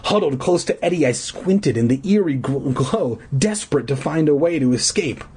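A man reading a spooky children's storybook aloud, animated and playful, with jokey asides. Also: fairly high pitch, normal speed, breathy edge. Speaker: reader.

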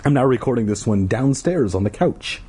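A man with a husky voice reads a spooky children's book aloud. His pitch moves a lot as he narrates, and he breaks off for offhand, joking asides. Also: expressive, moderate pace, mellow. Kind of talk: reading a storybook aloud with casual asides.

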